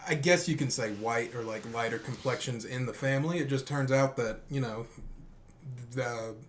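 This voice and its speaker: A man's voice: mid-range voice, moderate pace, slight background noise. Hesitant man searching for words. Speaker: guest. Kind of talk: casual discussion.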